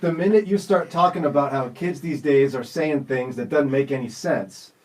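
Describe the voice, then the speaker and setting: A man's voice: fairly high pitch, normal speed, a little mellow. A man hosting a radio show, teasing his guest in casual banter. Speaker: radio host.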